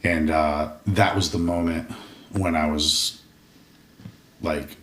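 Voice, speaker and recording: A man's voice: a bass voice, steady tone, slow pace, long pauses, a bit bright, a little hiss or hum. A man guest on a podcast, telling a rambling, profane story with many restarts in a casual interview. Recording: roomy echo, distant mic.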